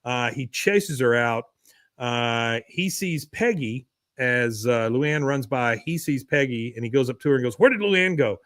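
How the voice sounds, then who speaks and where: A man's voice: medium pitch, a little slow, a bit bright, no room sound, clean studio sound. A man hosting a podcast, recapping a cartoon episode in a wry, chatty way. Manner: wry, chatty storytelling with fillers. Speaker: podcast host.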